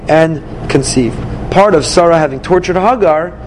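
A man teaching a Torah lesson, reading the verses and explaining them, acting out the dialogue with lively emphasis. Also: on the high side, moderate pace, a little hiss or hum, poor audio. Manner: animated, acts out dialogue from the text with rising emphasis. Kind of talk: Bible study class.

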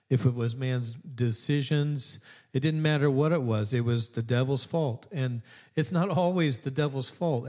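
A man's voice: mid-range voice, darkish tone. A middle-aged male pastor preaching a sermon to an online audience in a conversational way, with laughing asides and emphatic repetitions. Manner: builds to emphatic repeated lines.

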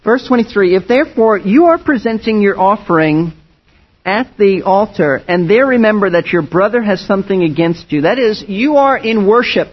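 A man's voice: high-pitched, expressive, normal speed. A man preaching a sermon as pastor, earnest and emphatic, often restarting his phrases. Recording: dull lo-fi sound.

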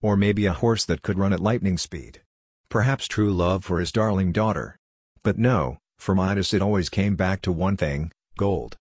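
A man's voice: low-pitched, normal speed, darkish tone, slightly rough, dry recording, clean studio sound. A man narrating a scripted storybook in a plain, lightly humorous way.

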